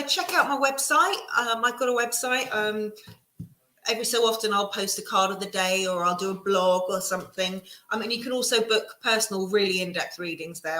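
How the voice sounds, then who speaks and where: A woman giving a casual live tarot reading, reassuring and chatty with many pauses and restarts. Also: fairly high pitch, sharp tone. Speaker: tarot reader. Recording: echoey room.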